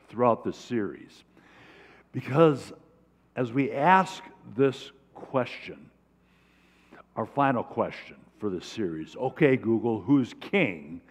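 A man's voice: medium pitch, slightly rough, big-room sound. A man leading a church service as pastor, friendly and inviting as he starts his sermon.

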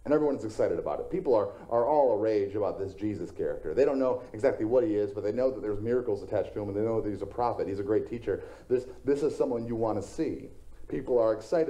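A man's voice: on the low side, mellow. A male pastor preaching a sermon in a conversational storytelling way, slipping in self-deprecating jokes.

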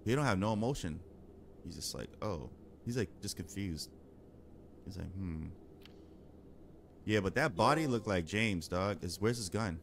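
Deep-voiced trash-talking gamer man. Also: vocal fry, noisy background. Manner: trash-talking, slangy, reacts loudly to the game. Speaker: gaming channel host. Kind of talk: casual let's-play commentary.

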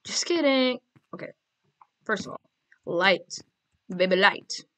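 A woman's voice: medium pitch, lively intonation, slow pace, fairly bright tone. A woman giving casual, playful commentary while playing a game, joking and giggling to herself. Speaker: Minecraft player.

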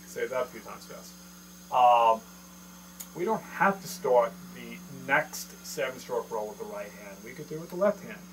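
A man's voice: mid-range voice, lively intonation, moderate pace. A man teaching a drum lesson in a casual, joking, self-deprecating way, counting strokes aloud. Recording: noisy room with mains hum and drums.

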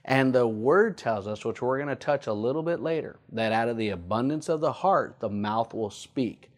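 A male pastor delivers a teaching sermon in a mid-pitched voice. He often repeats his key points and slows down to stress them. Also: lively intonation.

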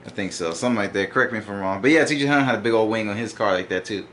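A man's voice: fairly low pitch, rapid-fire, a bit bright. A young man reacting to a video in a laid-back way, full of slang and fillers. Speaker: reaction host. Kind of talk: casual reaction commentary. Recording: clear background noise.

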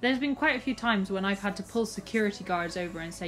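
A woman's voice: medium pitch, fast talker, low-quality recording. A young woman vlogging to camera in a frank, exasperated way, often restarting her sentences. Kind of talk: casual talk to camera.

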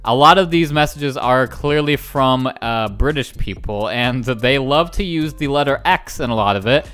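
A man's voice: mid-range voice, normal speed, a bit bright, clear, resonant tone. A young man hosting a casual reaction video, joking and rambling as he laughs at what he reads. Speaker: YouTube host.

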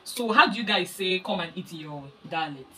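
A woman's voice: on the low side, animated, a little fast, recorded from a distance, heavy background noise. A young woman with a Nigerian Igbo accent, chatting and teasing in a casual vlog. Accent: Nigerian English, Igbo. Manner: teasing, playfully defensive. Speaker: vlogger. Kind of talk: casual chat.

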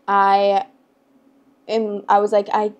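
A woman's voice: medium pitch, normal speed, dull audio. A young adult woman hosting her storytime channel, talking in a chatty, rambling, emotional way with lots of "like" fillers. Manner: chatty and rambling, heavy use of "like"; emotional and expressive. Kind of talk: casual chat to camera.

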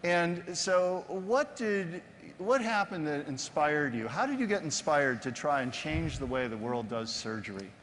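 A man's voice: fairly high pitch, big pitch swings, a little slow, fairly bright tone. A man hosting an on-stage interview, asking jokey leading questions with many fillers. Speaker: host, interviewer. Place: large conference stage before an audience. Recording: long hall reverb with faint background noise.

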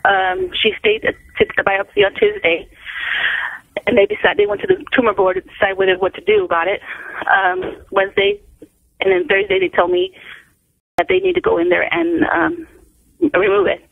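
A woman's voice: medium pitch, lively intonation, moderate pace, creaky, dry recording. A middle-aged woman on the phone as an interview guest, telling a family story in a rambling way, restarting her sentences. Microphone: telephone. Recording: tinny phone line.

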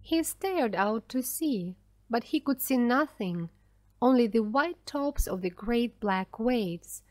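A woman narrating an easy-English storybook in a slow, careful, clearly spoken way. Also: a little high, no room sound. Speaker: audiobook narrator. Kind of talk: scripted narration of an easy graded reader.

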